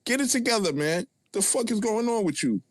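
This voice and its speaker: A man with a Brooklyn accent, taunting and profane as he mocks a rival on a live audio chat. His voice sits a little high for a man. The sound is dry and close. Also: animated, fairly quick, dry recording. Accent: Brooklyn New York. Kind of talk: heated trash talk on a live audio chat.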